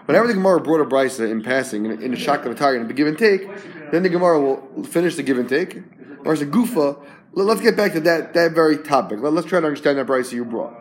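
A man's voice: on the high side, animated, fast. A man teaching a Talmud class to students, explaining with rhetorical questions and repeating words as he translates terms.

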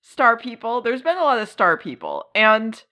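A woman co-hosting a casual podcast, laughing often and halting with lots of ums. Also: on the high side, sing-song, pushed and bright. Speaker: podcast co-host. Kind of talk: casual chat.

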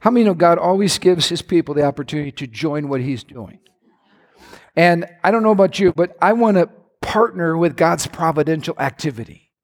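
A man preaching a sermon in an animated way, his voice climbing to near-shouts. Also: a little high, brisk. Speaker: pastor.

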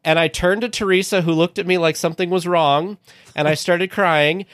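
A man's voice: high-pitched, fairly even intonation, moderate pace, fairly bright tone, dry recording, studio quality. Earnest man telling a heartfelt story. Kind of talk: casual podcast chat.

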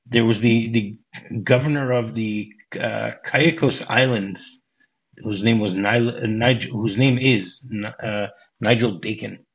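A man's voice: fairly low pitch, measured pace, lo-fi sound. A man hosting a casual movie podcast who retells film scenes and acts out the characters' lines. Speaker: podcast host.

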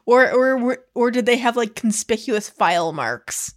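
A woman co-hosting a podcast, chiming in with quick asides in casual chat. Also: a little high, animated. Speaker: podcast co-host.

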